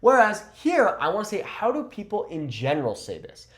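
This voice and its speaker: A man teaching a casual video lesson. He checks in with "okay?" again and again and slows down to model phrases. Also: high-pitched, huge pitch swings, echoey room. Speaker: Spanish teacher.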